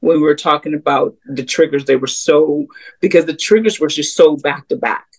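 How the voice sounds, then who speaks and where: A woman guest sharing her story in a casual, animated, conversational way. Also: deep voice, normal speed, slightly rough, poor audio. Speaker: interview guest, ministry co-founder. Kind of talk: casual personal testimony.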